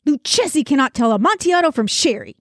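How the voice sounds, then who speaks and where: A woman voicing a drunk, excitable man who loves wine, exclaiming eagerly. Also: high voice, quick pace, no echo, studio quality, voice pushed up. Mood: insistent.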